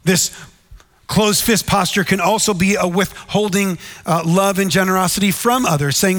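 A man's voice: high voice, moderate pace, a bit bright, big-room sound. A man preaching a sermon in an earnest, conversational way, often turning to the listeners with "right?". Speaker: pastor.

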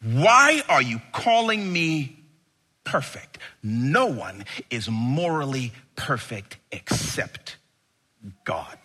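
Calm, pointed teacher figure voiced by a preacher, slow and husky, brightly toned. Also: male voice, medium pitch, exaggerated voice. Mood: probing. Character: calm wise male teacher, probing.

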